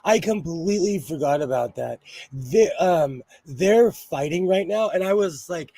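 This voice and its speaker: A middle-aged Pennsylvania man chats casually during a sewing livestream, greeting viewers by name and laughing easily. His voice sits a little high for a man and is slightly hoarse, as if he's under the weather, and he's animated yet mellow at a somewhat slow pace. The sound is dry and close, with no echo.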